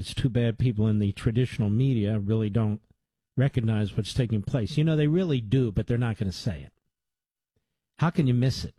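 A man's voice: mid-range voice, warm tone, breathy edge, dry recording, poor audio. A man hosting a radio talk show, delivering emphatic commentary that builds with repeated lists. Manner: emphatic, repetitive lists, rising to urgent. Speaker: radio host.

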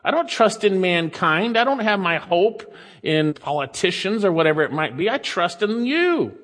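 A man's voice: sits high, very animated, normal speed. A man preaching a sermon, emphatic and quoting scripture, changing his pace and volume often. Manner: emphatic, varies pace and loudness, quotes scripture. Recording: long reverb of a hall.

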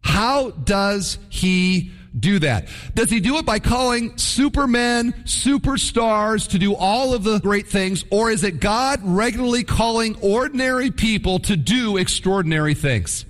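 A man preaching a sermon in an animated, conversational storytelling manner. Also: high voice, measured pace, hardly any pauses, big-room sound. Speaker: pastor.

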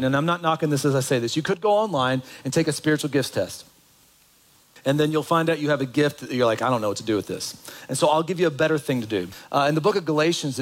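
A man's voice: fairly high pitch, low-quality recording. A man preaching a sermon as pastor, in a conversational way that asks the congregation questions.

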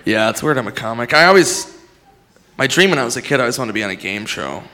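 A man doing a stand-up set, animated and given to shouting. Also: mid-range voice, quick pace, a little hiss or hum. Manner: animated, yelling impressions. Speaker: stand-up comedian.

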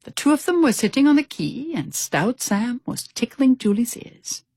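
A woman reading a children's storybook aloud with expressive, animated delivery. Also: fairly high pitch, normal speed, slightly rough, no room sound, clean studio sound. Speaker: narrator.

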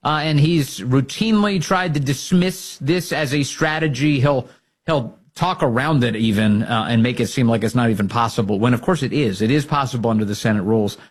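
Guy hosting political talk show, emphatic, gets loud and high when rallying. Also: fairly quick, slightly rough. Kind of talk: opinionated commentary.

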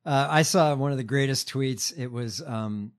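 A man's voice: medium pitch, moderate pace. A man co-hosting a podcast, chatting casually with dry, mocking asides. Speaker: podcast co-host. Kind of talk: casual chat.

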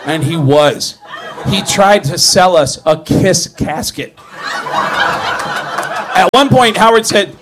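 Animated, foul-mouthed man telling a story. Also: high voice, takes it slowly, long pauses, background noise. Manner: swears freely, jumps into voices and laughs through the telling.

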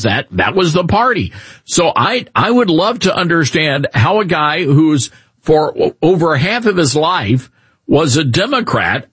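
Lively, husky talk radio host. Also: male voice, on the high side, no room sound. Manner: animated, mocking, rambling. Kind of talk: opinionated talk radio commentary.

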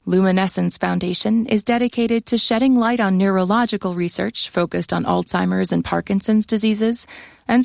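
Gravelly-voiced woman reading sponsor credits. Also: mid-range voice, no echo, clean studio sound. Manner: even, formal reading. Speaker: announcer.

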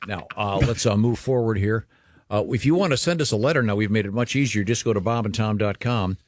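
A man's voice: on the low side, a little fast, dry recording, studio quality. A middle-aged man hosting a morning radio show, chatting casually and rambling with many fillers.

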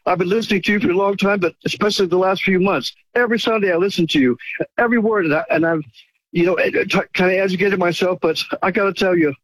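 A man's voice: high-pitched, quick pace, fairly bright tone, no echo, rough recording. A male caller on a radio phone-in who talks in a gushing, grateful, emotional way. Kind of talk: phone-in call.

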